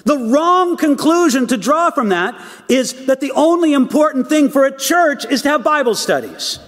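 A man's voice: very high-pitched, big pitch swings, normal speed, fairly bright tone, long reverb tail. A man preaching a sermon, emphatic, asking rhetorical questions and repeating words as he builds his points.

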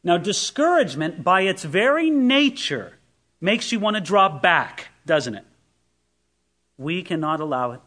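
A man's voice: high voice, sing-song, unhurried, a bit bright. A man preaching a sermon as pastor, asking rhetorical questions and reading scripture with emphasis.

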